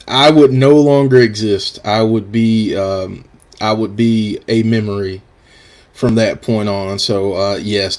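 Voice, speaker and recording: A man with a lowish voice co-hosting a live podcast. He answers in a loose, rambling way and laughs through his words. He keeps it casual and unhurried. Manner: relaxed, rambling, laughs as he talks. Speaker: podcast co-host.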